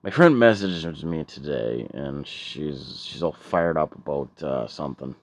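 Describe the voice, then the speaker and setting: A man's voice: extremely low pitch, lively intonation, unhurried, no room sound. A man doing a stand-up comedy set, rambling and profane with stammering repeats.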